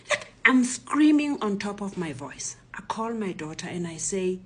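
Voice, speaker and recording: A woman in her sixties with a South African accent, a retired professor telling her own story in a hushed, often whispery voice. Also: on the low side, lively intonation, measured pace, a little hiss or hum. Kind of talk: personal testimony.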